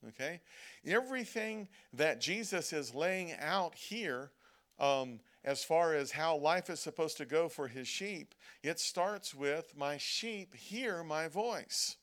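A man preaching in a slightly high voice, speaking to his congregation in an easy, conversational tone. He pauses again and again for a quick "okay?" and draws out the verses he quotes so they land. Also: expressive, fairly bright tone. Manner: conversational preaching, frequent "okay?" check-ins, slows to stress quoted verses. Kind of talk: sermon. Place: church service.

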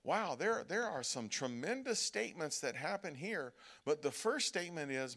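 Male preacher with a slightly higher voice, conversational sermon delivery, lots of "okay?" check-ins. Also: sing-song, sharp tone. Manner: conversational preaching, frequent "okay?" check-ins, slows to stress quoted verses. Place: church service.

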